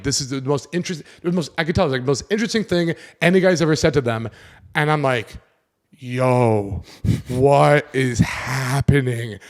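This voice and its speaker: A podcast host in his twenties, with a fairly high voice, tells a personal story in a casual, animated way. He acts out the voices of the people in it and swears casually along the way.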